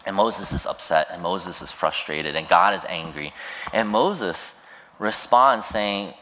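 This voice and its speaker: Lower-voiced male preacher in a reverberant hall. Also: measured pace, a little hiss or hum. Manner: retells scripture with lively voiced quotes, frequent fillers. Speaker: pastor. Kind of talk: sermon.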